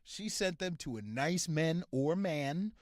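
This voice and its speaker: A man hosting a podcast, delivering a crude, profane rant that swings between mumbling and shouting. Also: on the high side, expressive, slow, no echo, studio quality. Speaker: podcast host. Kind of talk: profane ranting monologue.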